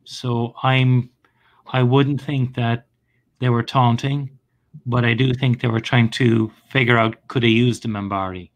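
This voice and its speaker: Flat-toned, measured man. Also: medium pitch, lo-fi sound. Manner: measured, thoughtful speculation. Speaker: panel guest. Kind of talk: casual discussion.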